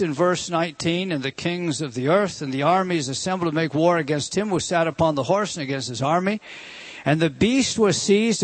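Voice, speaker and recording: A high-pitched man preaching through a scripture passage, talking to his listeners conversationally and leaning hard on key words. He slows right down to read the verses aloud with weight. The sound is dry and close, with no room echo. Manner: conversational, emphatic, rhetorical questions; reads scripture slowly and deliberately. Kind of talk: expository sermon on scripture.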